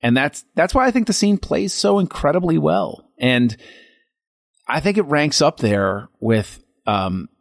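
A man co-hosting a podcast, talking through a film scene in a reflective, halting way with frequent restarts. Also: a little high, expressive, creaky, no room sound, studio quality. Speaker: podcast co-host. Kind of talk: casual film discussion.

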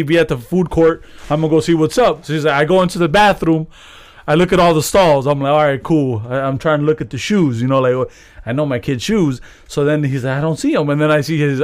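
A man co-hosting a podcast, telling a long funny story in casual, profane chat and laughing often. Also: fairly high pitch. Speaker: podcast co-host.

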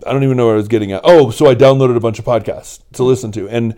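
A man co-hosting a relaxed podcast, talking in a loose, rambling way with some casual swearing. His voice is mellow and dark, sitting at an ordinary middle pitch. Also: racing. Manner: rambling and candid, with mild swearing. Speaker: podcast co-host. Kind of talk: casual chat.

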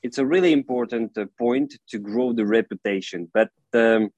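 A man, an English speaker, answering interview questions in an earnest, halting way with frequent "you know" fillers. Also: medium pitch, a little mellow, dry recording, rough recording. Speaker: football club director, guest.

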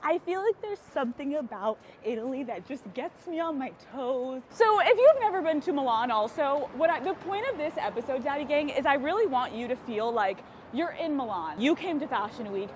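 High lively woman vlogging on the street, bubbly, swears a lot, quiet street noise behind. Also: brisk, hardly any pauses. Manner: bubbly, swears freely, laughs often. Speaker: podcast host. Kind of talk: travel vlog, talking to camera. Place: outdoors on city streets.

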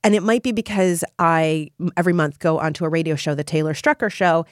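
A woman hosts a solo podcast and speaks to her listeners with gushing encouragement and plenty of emphasis. Her voice sits a little low for a woman. The sound is dry and close, with no room echo. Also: fairly quick. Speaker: podcast host.

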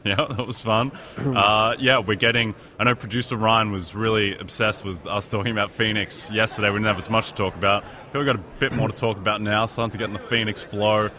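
Low, bright-toned male sports co-host. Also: fairly even intonation, a little fast. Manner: dry, self-deprecating humor. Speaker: podcast co-host. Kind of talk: live casual sports talk.

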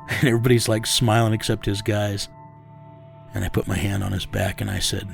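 Man, interview guest, gravelly, deep voice, measured storytelling, menacing hush. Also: level tone, music in the background. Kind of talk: recounting a war story.

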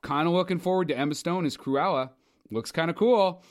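Man, podcast co-host, slightly high voice, excitable, casual and profane. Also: a little fast. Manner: animated, swearing, excitable. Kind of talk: casual chat.

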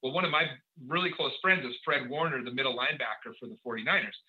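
On a podcast, a guest rattles off a story from his own life at high speed, voicing the dialogue as he goes. He sounds sharp and forceful, scattering fillers like "um" and "uh", over a dull, lo-fi recording.

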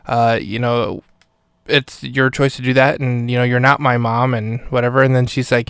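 A male podcast host talks through a film review in a loose, rambling way, full of fillers and restarts. His voice is smooth and clear at an ordinary pitch. The microphone sits close in a dry, dead space. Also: little pitch movement, brisk, fairly bright tone, no echo. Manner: rambling, filler-heavy, self-correcting. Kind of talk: casual spoken review.

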